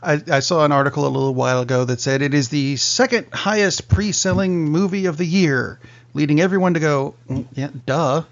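A man with a gravelly, creaky voice chats on a podcast, dropping dry, wry remarks. The sound is muffled and lo-fi. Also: on the high side, brisk. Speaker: podcast co-host. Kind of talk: casual chat.

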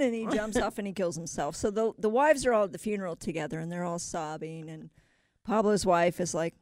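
A woman guest tells a long joke in a casual chat, lively and putting on voices for each character. Her voice is mid-pitched and recorded close and dry. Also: normal speed, no room sound. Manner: animated storyteller who puts on voices.

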